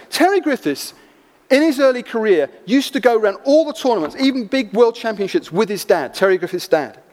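Before a gathered crowd, a high-voiced man preaches a sermon, telling his story with lively expression. The long echo of a large hall surrounds his voice.

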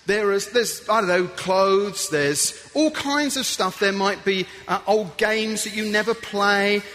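A man giving a playful, animated talk to an audience as a guest speaker, acting out little scenes as he goes. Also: sits high, measured pace, soft background music. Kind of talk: lively motivational talk to an audience.

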